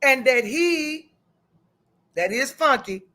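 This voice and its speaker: A woman hosts a live stream in a bright, forward voice. She recaps gossip in a casual, chatty way and greets viewers as they join. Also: high-pitched, animated, slow pace. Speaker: livestream host. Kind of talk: casual commentary.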